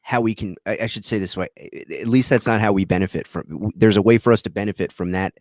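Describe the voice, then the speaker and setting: Halting man in casual chat. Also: on the low side, no echo, studio quality. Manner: halting, restarts a lot.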